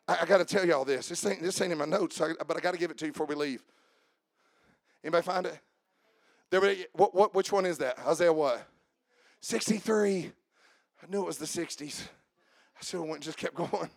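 A man preaching a sermon as a pastor, building from casual asides into shouted, rhythmic climaxes. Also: a little high, fairly quick, gravelly, long pauses, dry recording.

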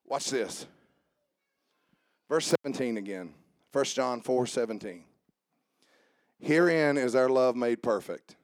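A man preaching a sermon. He jokes with the congregation and swings from soft asides to raised calls. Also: mid-range voice, slow pace, long pauses, no echo, studio quality. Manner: joking with the congregation. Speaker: pastor. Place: church service with instrument behind.

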